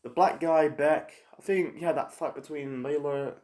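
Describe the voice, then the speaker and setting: A man casually reviewing a TV episode, rambling and halting with lots of fillers and restarts. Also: on the high side, fairly even intonation, darkish tone. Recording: echoey room.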